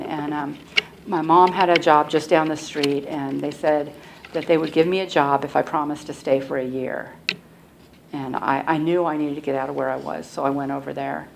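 Low-pitched middle-aged woman, soft and halting, sharing her recovery story; recording has audible noise. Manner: soft-spoken, halting storytelling with frequent restarts. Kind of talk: personal recovery testimony. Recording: clear background noise and clicks.

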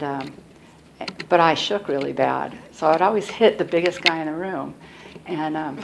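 Low-pitched middle-aged woman, soft and halting, sharing her recovery story; recording has audible noise. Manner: soft-spoken, halting storytelling with frequent restarts. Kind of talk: personal recovery testimony. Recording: clear background noise and clicks.

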